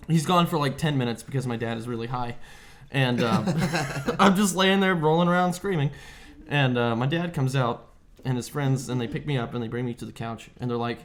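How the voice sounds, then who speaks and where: A man's voice: medium pitch, moderate pace. A man hosting a casual podcast over beers, telling a story with lots of swearing and acted-out quotes. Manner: profane, animated storyteller who acts out quotes. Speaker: podcast host.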